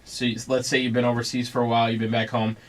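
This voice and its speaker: A man's voice: mid-range voice, completely flat delivery, fast talker. A man hosting a casual radio interview in the studio, upbeat and joking as he fires off questions. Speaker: radio host.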